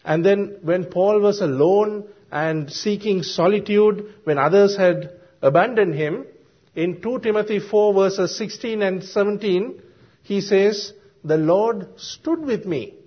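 A man preaching a sermon, explaining Bible verses slowly and deliberately with frequent ums and uhs. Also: high-pitched. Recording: dull lo-fi sermon recording.

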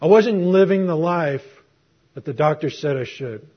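At normal speed and in a slightly high, husky voice, a middle-aged preacher gives a sermon with personal testimony, telling his story conversationally. He throws rhetorical questions at the congregation, and the recording sounds muffled and lo-fi.

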